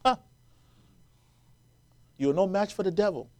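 A man's voice: high voice, unhurried, darkish tone. A man preaching a sermon, quoting scripture and building to emphatic, rising peaks as the congregation answers.

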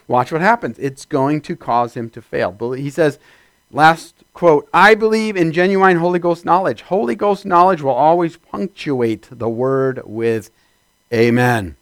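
A man preaching a sermon, building from steady teaching to loud shouted amens. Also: on the high side, a little slow, dry recording. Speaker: pastor.

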